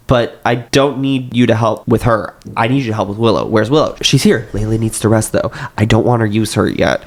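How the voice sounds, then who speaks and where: A young man reading a novel aloud, with slight voice shifts for the characters and joking asides. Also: lowish voice.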